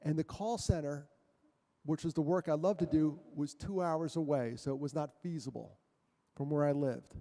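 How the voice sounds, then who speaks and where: A male guest speaker telling a personal story to a church audience, animated and self-mocking, with jokes between the serious parts. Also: a little high, normal speed. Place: church hall. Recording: long hall reverb.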